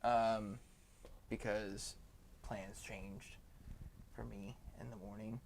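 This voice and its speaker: A man co-hosts a casual live stream, talking very slowly in a drawn-out way. His words trail off quietly at the ends, and faint room noise sits behind him. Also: lowish voice, level tone, gravelly, low-quality recording. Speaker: podcast co-host.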